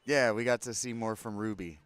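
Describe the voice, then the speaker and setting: A man casually commenting while playing a video game, soft-spoken and reflective. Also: fairly low pitch, steady tone, normal speed, dry recording, faint music behind. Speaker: game streamer. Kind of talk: casual let's-play commentary.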